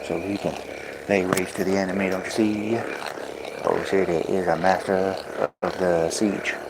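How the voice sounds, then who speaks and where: A man's voice: sits low, little pitch movement, normal speed. A man livestreaming at home, massaging his dogs and talking to them in playful rhyming singsong, with coaxing commands to the pets. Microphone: phone microphone on a stream. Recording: clear background noise.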